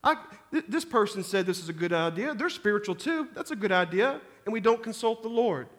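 A man's voice: sits high, lively intonation, brisk, a bit bright, long reverb tail. A man, a pastor, preaching a sermon, often restarting and repeating words as he speaks. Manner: preaching with frequent restarts and repetitions.

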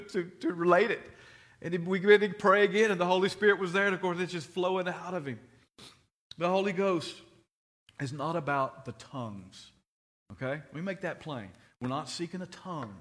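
A middle-aged man preaching, his voice sitting a little higher than most men's. He tells stories earnestly, often circling back and repeating words as he builds his point. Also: moderate pace, fairly bright tone. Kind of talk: sermon.

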